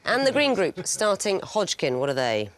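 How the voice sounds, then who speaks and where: A woman hosting a quiz show, crisp and wry, announcing clues and scores with dry jokes. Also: fairly low pitch, very animated, moderate pace, crowd noise. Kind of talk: quizmaster patter with dry jokes.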